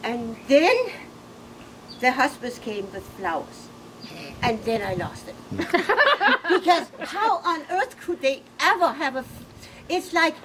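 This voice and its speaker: A middle-aged woman giving a personal eulogy, halting and emotional, laughing through tears. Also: high voice, sing-song, bright, forceful tone, far from the mic. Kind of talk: personal eulogy, casual storytelling. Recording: noisy room ambience.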